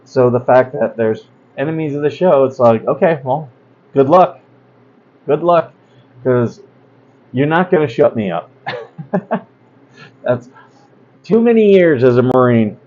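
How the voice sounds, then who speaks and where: A man's voice: mid-range voice, lively intonation, moderate pace. Blunt rambling man on a dull lo-fi mic. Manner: blunt, rambling, chatty, with fillers and asides. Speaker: host. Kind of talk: casual livestream talk.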